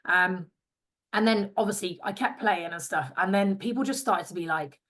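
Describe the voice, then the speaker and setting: An English woman in her twenties, a former rugby player, chats casually as a podcast guest in an interview. Her medium-pitched voice is a bit bright and moves at normal speed, and she acts out the voices of people who spoke to her.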